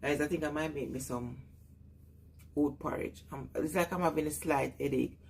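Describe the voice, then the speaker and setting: A woman's voice: low-pitched, moderate pace, vocal fry, a little mellow, slight background noise. A woman with a Jamaican accent chatting casually on a live stream, greeting viewers and laughing often.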